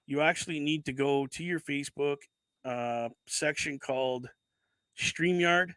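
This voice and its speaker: A man's voice: fairly high pitch, steady tone, unhurried, sharp tone, smooth, no room sound. A man hosting a casual livestream, chatting as he unboxes, rambling, correcting himself and swearing casually into a desk microphone. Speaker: livestream host.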